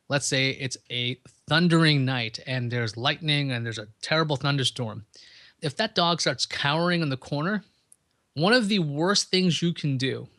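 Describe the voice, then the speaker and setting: A man's voice: medium pitch, fairly bright tone, no echo. Chatty male podcast host, dry sound. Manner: conversational, chatty, explains with examples. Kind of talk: casual explanatory monologue.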